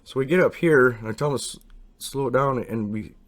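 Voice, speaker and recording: A man casually telling a long, rambling personal story, acting out what people said. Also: brisk. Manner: rambling, animated, acts out quotes with raised pitch.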